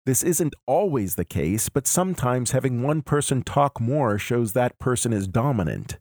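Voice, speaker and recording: Measured man lecturing, dry sound. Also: mid-range voice, big pitch swings, darkish tone, no room sound. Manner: measured, explanatory. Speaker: podcast host. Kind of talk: analytical podcast lecture.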